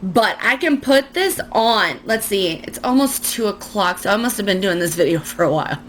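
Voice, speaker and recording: A woman's voice: medium pitch, expressive, normal speed, slight background noise. A young woman chatting casually through a makeup tutorial at home, rambling and self-mocking. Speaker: beauty vlogger.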